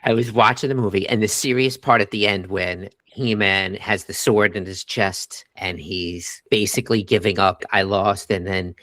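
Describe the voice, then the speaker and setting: Middle-aged man, co-host, low voice, dry close sound, animated scene-quoting. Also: moderate pace, hardly any pauses, no echo. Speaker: podcast co-host. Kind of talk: casual movie review chat.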